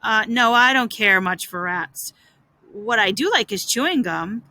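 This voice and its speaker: A woman's voice: a little high, lively intonation, measured pace, sharp tone, dry recording, heavily acted. A woman voicing a shy, touchy young schoolgirl who answers hesitantly and coyly, in a storybook reading. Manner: hesitant, coy.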